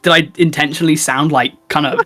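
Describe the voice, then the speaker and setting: A man's voice: a little high, steady tone, quick pace, bright, forceful tone, soft background music. An English man with a southern English accent, a podcast co-host chatting casually and laughing at himself about sounding posh. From England. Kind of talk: casual chat.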